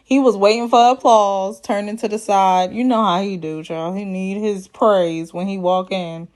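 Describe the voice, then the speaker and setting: A woman's voice: medium pitch, fairly even intonation, moderate pace, darkish tone. A woman hosting a casual reality TV recap, sassy and chatty, laughing at her own jokes and quoting people in put-on voices. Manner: quotes cast members in put-on voices.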